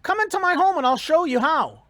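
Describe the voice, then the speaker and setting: Brief: speaker voices a calm, smug male rabbit, lively delivery. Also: very high-pitched, a little fast, no echo, pitched above the performer's own voice. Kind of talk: joke told in a speech.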